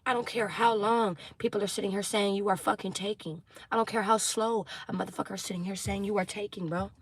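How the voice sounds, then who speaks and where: A woman giving a tarot reading to her viewers, preaching intensely, swearing, and apologizing for getting loud. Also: medium pitch, fairly even intonation, fast talker, breathy edge, no room sound. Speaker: tarot reader.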